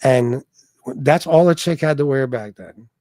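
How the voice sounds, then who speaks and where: A man's voice: medium pitch, measured pace, darkish tone, dry recording, studio quality. A man in his forties hosting a casual livestream, rambling and joking with plenty of profanity, stammering when flustered. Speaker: livestream host. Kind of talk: casual live-stream chat.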